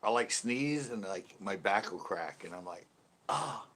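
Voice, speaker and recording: A low-pitched man chats casually on a live stream, his voice swinging up and down as he tells rambling stories. He breaks into laughter often and reacts aloud to viewer comments. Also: expressive, moderate pace, a bit bright. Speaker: fishing channel host.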